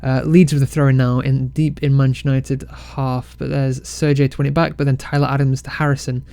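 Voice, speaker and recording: A man casually commentating his football management game, excitable and self-mocking. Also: mid-range voice, fairly quick, dry recording. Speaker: game let's-play creator.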